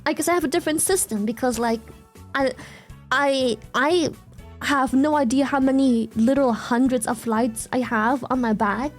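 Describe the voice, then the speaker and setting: A woman from Germany chatting casually on stream, telling stories in an excitable, animated way and swearing freely. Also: sits high, normal speed, soft background music. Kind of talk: casual chat.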